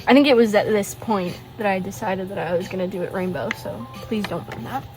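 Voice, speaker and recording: A woman's voice: mid-range voice, fairly quick, over music, low-quality recording. A teenage girl in casual chat, showing her sketchbook in her bedroom and gushing with lots of fillers and rambling asides. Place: bedroom at a desk. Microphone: phone hanging above the desk.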